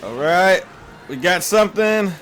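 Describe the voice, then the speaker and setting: A man giving live gameplay commentary, excitable and panicky, quick to laugh and curse. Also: high-pitched. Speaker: gaming YouTuber.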